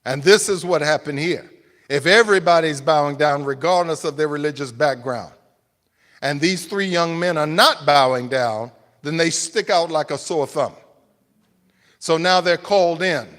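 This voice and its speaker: A man preaching a sermon, emphatic and rhetorical, swinging between loud appeals and hushed explanation. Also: fairly high pitch, moderate pace, long reverb tail.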